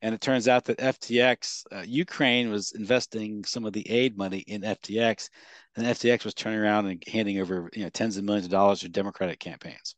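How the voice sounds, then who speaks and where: A man with a fairly low voice holds forth in loose, casual political chat. He rambles, circling back with fillers and restarts. The sound is dry and close, with no room echo. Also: fairly even intonation, fairly quick.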